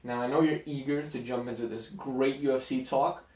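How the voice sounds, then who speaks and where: A man co-hosting a casual podcast, telling stories with quick asides. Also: mid-range voice. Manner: animated storyteller, quick asides. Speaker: podcast co-host. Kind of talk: casual chat. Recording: roomy echo, mic at a distance.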